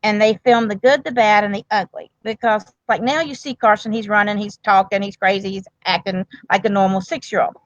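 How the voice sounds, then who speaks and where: A woman's voice: mid-range voice, fairly even intonation, fairly quick, hardly any pauses, no room sound. Earnest grandmother telling a story, lo-fi. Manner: earnest, rambling with restarts. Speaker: grandmother and medical provider, guest. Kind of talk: emotional casual interview talk.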